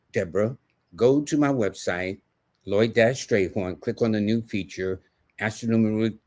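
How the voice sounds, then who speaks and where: A man with a New York accent giving live numerology readings in a folksy, conversational way, speaking to viewers by name. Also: on the low side. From United States. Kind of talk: casual livestream reading.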